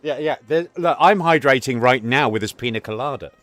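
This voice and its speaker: A man's voice: medium pitch, fairly quick, fairly bright tone, no room sound, faint music behind. A man, cracking crude teasing jokes in casual podcast banter. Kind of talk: casual chat.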